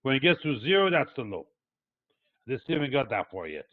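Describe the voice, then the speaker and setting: A man's voice: mid-range voice, big pitch swings, fairly quick, no echo. Older male analyst with a foreign accent, digressive teacher, thin tinny dry recording. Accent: non-native English accent. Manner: digressive, hesitant, many uh fillers, explaining step by step. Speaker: market analyst teaching a live webinar. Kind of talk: live chart walkthrough for traders. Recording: tinny phone-like dry sound.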